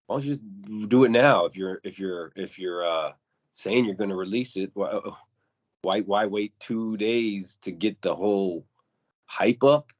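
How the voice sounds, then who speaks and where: A man with a low-pitched voice talking on a casual podcast. He gets animated and acts out the voices he quotes, often repeating words as he goes. The audio sounds somewhat dull and lo-fi. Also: unhurried. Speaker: podcast co-host.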